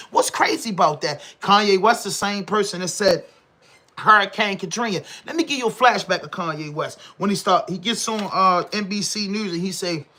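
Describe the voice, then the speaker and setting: A man with a Baltimore accent holds forth on his podcast in an animated, slangy rant. His voice sits high and sounds sharp and bright, and he keeps firing off rhetorical questions. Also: fairly quick. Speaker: podcast host. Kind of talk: casual commentary monologue.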